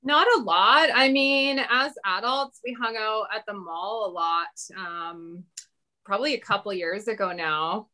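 A young woman chatting on a podcast, telling stories in an animated, laughing way. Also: medium pitch, measured pace. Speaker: podcast guest, sister. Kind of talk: casual chat.

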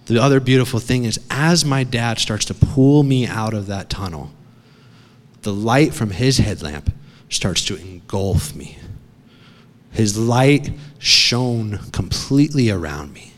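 A man preaching a sermon as a dramatic story, swinging from hushed to shouting. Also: mid-range voice, long reverb tail. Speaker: pastor. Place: church.

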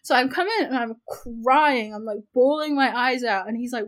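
A woman's voice: a little high, normal speed, few pauses, poor audio. Frank, chatty New Zealand woman storyteller. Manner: frank, animated storyteller, swears casually and fills with "like". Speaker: podcast co-host. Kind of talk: casual storytelling chat.

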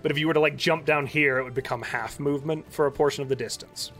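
Man, game master, somewhat high voice, playful and encouraging, faint music under him. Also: fairly even intonation, fast, a bit bright. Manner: playful, encouraging, laughs often. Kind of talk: narrating a tabletop game.

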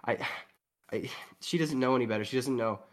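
A man's voice: mid-range voice, brisk, voice pushed up, natural voice. A man doing a stammering, frightened tiefling mother. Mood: pleading. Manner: stammering, apologetic.

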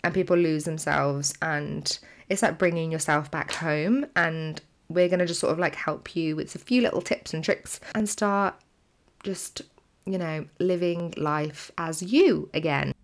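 Chatty English woman, low voice. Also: measured pace. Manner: chatty, laughs often, uses "like" a lot. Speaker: podcast co-host. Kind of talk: casual chat.

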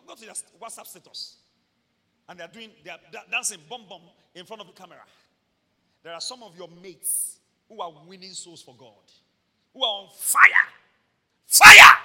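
Nigerian preacher man, high bright voice, big echoey church hall, gets loud and funny. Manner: animated preaching with shouted peaks and humorous asides. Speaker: pastor. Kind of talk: sermon.

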